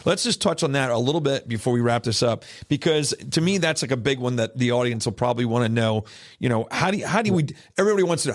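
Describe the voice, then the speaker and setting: A man hosting a podcast interview, affirming his guest and asking questions with many pauses. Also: mid-range voice, lively intonation. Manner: affirming, halting with fillers. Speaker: podcast host.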